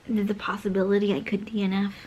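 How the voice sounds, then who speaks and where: A woman's voice: mid-range voice, flat delivery, fast talker, darkish tone, a little hiss or hum. Chatty young woman, rambling with "like". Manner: chatty, rambling, fills speech with "like". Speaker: book vlogger. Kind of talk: casual reading vlog chat.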